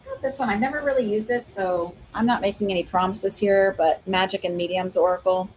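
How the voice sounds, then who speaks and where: A woman's voice: medium pitch, brisk, a little mellow, a little hiss or hum, poor audio. Chatty woman hosting live card readings. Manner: chatty, laughing, rambling with many fillers. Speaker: psychic medium host. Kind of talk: live-stream oracle card reading chat.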